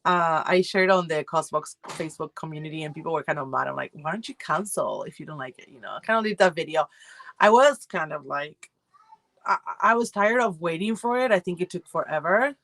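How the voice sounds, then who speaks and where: Woman, low voice, dry close sound, chatty livestream host, rambling with fillers. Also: lively intonation, fairly quick, gravelly, a bit bright, dry recording. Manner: chatty, rambling, many fillers and self-corrections, greets viewers by name. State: feeling cold. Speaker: subscription box reviewer hosting a livestream. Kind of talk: casual livestream chat with viewers. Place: home room.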